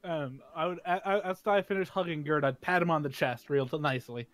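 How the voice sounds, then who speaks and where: A man playing in a tabletop game, describing his character's actions in a hesitant, halting way. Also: on the high side, fairly bright tone, dry recording. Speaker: player. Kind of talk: tabletop role-play.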